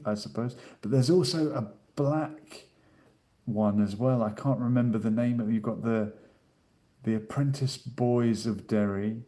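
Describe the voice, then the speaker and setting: A man co-hosting a casual live-stream discussion, explaining at a measured pace and reading out comments from the chat. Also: mid-range voice, mellow. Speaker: co-host.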